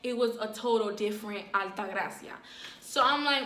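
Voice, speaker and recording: A woman telling a personal story in a casual, animated vlog, full of fillers and dramatic retelling. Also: medium pitch, moderate pace, roomy sound. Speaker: storyteller, vlogger.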